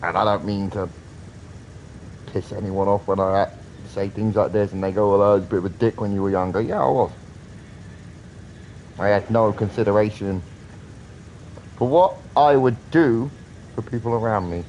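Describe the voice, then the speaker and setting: A man's voice: fairly low pitch, moderate pace, pauses often, darkish tone, lo-fi sound, slight background noise. A British man in his thirties rambling earnestly in a casual live-stream chat, swearing often. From Britain.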